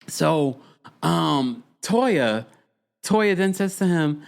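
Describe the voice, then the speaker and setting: Speaking very slowly in a slightly high voice with vocal fry, a man recaps a reality show on his podcast. The commentary is casual and animated, peppered with laughter and dramatic asides.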